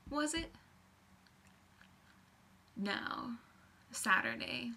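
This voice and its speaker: Young woman rambling on her vlog, bright and gushy, keeps losing her train of thought. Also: a little high, expressive, drawn-out words, vocal fry. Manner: gushing, scattered, lots of fillers. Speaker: vlogger.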